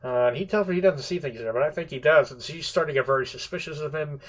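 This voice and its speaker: A man's voice: fairly high pitch, fast. A male literature teacher retelling a story in a casual, rambling classroom lecture, often restarting his sentences and slipping in the odd swear word. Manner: rambling, many restarts, playfully quotes characters; irreverent, occasional swearing.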